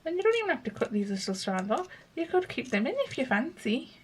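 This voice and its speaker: Hosting a craft video, a woman chats casually and thinks aloud as she works. Her voice is high-pitched, very animated and fast, with heavy noise in the background.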